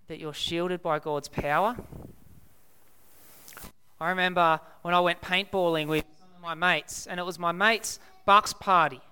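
Slow, crisp-voiced Australian preacher man. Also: high voice, pushed and bright. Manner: emphatic, repeats key words slowly for effect. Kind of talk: sermon.

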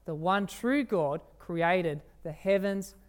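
A preacher delivering an evening sermon with a smooth, resonant voice. The delivery is emphatic, drawing out key phrases slowly and putting rhetorical questions to the listeners. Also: mid-range voice.

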